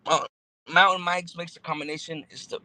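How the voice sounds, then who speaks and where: A man's voice: on the high side, steady tone, a little fast, bright, forceful tone, no room sound, rough recording. A man, chatting casually on a livestream as he reads and answers viewer comments, laid-back and full of slang and fillers. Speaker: YouTuber reading live chat.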